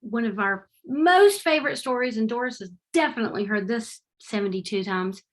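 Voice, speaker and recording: A middle-aged woman giving a heartfelt, animated presentation over a video call. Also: a little high, normal speed. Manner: warm, heartfelt and animated, with faith-tinged phrasing. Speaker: presenter at a webinar. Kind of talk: presentation with slides. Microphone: remote video call.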